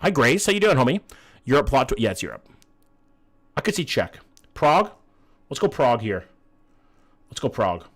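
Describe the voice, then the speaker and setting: A man's voice: medium pitch, very animated, normal speed, pauses often, a bit bright, breathy edge. A young man, casually chatting and swearing while playing a map-guessing game on a live stream and greeting his chat.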